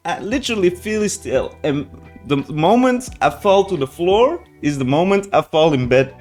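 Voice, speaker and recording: Casting chatty swearing man, slightly high voice. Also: animated, normal speed, a little mellow, soft background music. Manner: rambling, frequent swearing and restarts. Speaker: reaction channel host. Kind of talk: casual storytelling to viewers.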